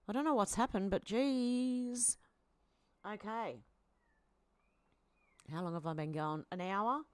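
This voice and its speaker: An Australian woman hosting a chatty live stream, reading out posts and viewer comments. She talks at a mid pitch and adds quick asides between items. The sound is dry and close, with little room. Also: expressive, dry recording. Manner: chatty, reacts aloud, with asides and fillers.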